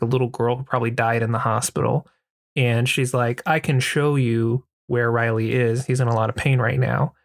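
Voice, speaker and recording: Casual rambling podcast host. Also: medium pitch. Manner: profane, rambling, heavy use of "like". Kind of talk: casual movie recap.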